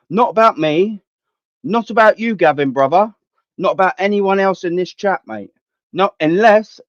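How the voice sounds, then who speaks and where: Young bloke, stream host, fed-up sweary rants, bit high-pitched, dead-dry muffled sound. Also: male voice, no room sound. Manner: blunt, sweary, ranting. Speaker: fan channel host. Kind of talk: live stream chat reading.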